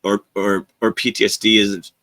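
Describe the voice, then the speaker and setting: A man with a bright, forceful voice tells stories in a loose, rambling way. He jumps into quoted lines and laughs as he goes, like a guest chatting on a podcast. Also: fairly low pitch, flat delivery, normal speed. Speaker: podcast guest, former Navy journalist. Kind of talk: casual storytelling.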